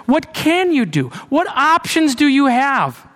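A man preaching a sermon in a church, earnest, moving between raised urgency and low, hushed passages. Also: big pitch swings, slow. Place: church sanctuary. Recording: long hall reverb with mains hum.

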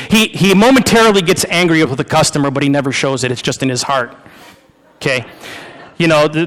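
Heard in a church sanctuary with long, large-hall reverb, a man preaches loosely to his congregation while running a demonstration. His fairly high voice is slightly bright, clear, and resonant. He keeps repeating and restarting words in this conversational sermon.

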